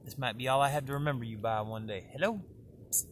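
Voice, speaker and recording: A man's voice: medium pitch, fairly even intonation, racing, noisy background. A man talking to his cats outdoors in a casual vlog, cooing and baby-talking with playful jokes. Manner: coos and baby-talks to pets, playful jokes. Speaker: vlogger. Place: outdoors by a road and grass.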